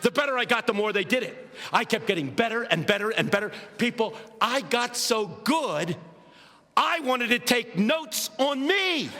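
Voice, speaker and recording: A man from Philadelphia preaching a humorous storytelling sermon with animated comic delivery that builds into shouted preaching, in a large hall. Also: extremely high pitch, moderate pace. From United States, Philadelphia. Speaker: preacher and guest speaker. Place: large hall with a live audience. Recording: reverberant hall, faint ambience.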